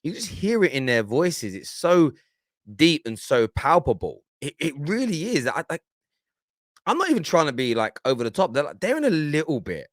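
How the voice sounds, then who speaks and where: A man's voice: fairly high pitch, sing-song, normal speed, no room sound, studio quality. A man hosting a football reaction show, teasing and laughing as he talks over clips and often restarts his phrases. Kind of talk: animated reaction commentary.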